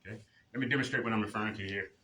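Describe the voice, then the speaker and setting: A man leading a seniors' exercise class, motivating and coaching, who counts out reps in a loud drill-sergeant cadence. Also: fairly low pitch, fairly even intonation, rapid-fire, slight background noise. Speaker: fitness instructor. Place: senior center activity room. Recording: echoey room.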